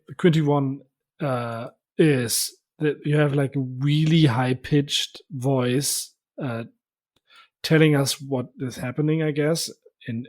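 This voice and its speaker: A man's voice: mid-range voice, a little mellow, dry recording. A man co-hosting a casual podcast, reacting and describing things hesitantly, often trailing off. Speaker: podcast co-host.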